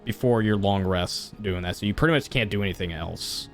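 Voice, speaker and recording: A man's voice: sits low, fairly quick, faint music behind. A young man running a tabletop game as game master, talking casually with many fillers and restarts.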